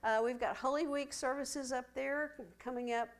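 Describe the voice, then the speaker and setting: A woman's voice: sits high, fairly even intonation, moderate pace. A woman, chatty and friendly, giving Bible study announcements. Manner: chatty, friendly, uses y'all. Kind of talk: church announcements.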